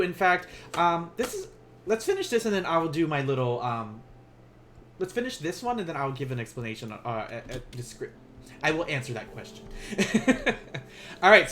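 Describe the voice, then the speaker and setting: A man's voice: fairly high pitch, fairly bright tone. A young man teaching a casual beginners' language lesson on a live stream, playful and chatty, often laughing at his own asides.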